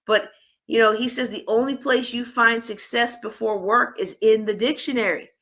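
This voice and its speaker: A woman giving a lively live conference workshop, teasing her audience with sarcasm. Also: fairly high pitch, normal speed. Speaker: host and workshop speaker. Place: conference room.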